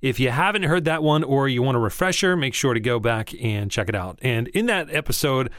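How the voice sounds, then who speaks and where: A man's voice: medium pitch, lively intonation, fairly quick, a bit bright, no room sound, clean studio sound. A man hosting a podcast, talking to listeners in an upbeat, direct, casual way. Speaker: podcast host. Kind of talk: podcast monologue.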